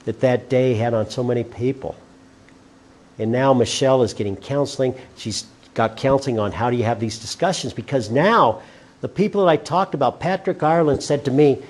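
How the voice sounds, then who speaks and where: A man's voice: mid-range voice, a little fast, darkish tone. A middle-aged man, speaking earnestly as a guest speaker telling personal stories to a class. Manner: earnest storytelling, quotes others. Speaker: guest speaker, former school principal.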